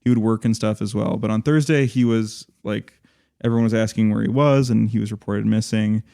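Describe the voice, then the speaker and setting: A man's voice: lowish voice, fairly even intonation, brisk, gravelly, mellow. A man co-hosting a podcast, talking casually and rambling, with many fillers and restarts. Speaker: podcast co-host.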